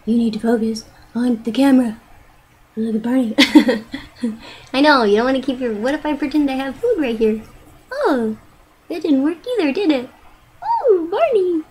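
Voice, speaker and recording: A woman's voice: sits high, lively intonation, normal speed, pauses often, darkish tone, husky, low-quality recording. A young woman rambling playfully into her webcam at home and cooing at her pets. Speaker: vlogger. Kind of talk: casual webcam chatter.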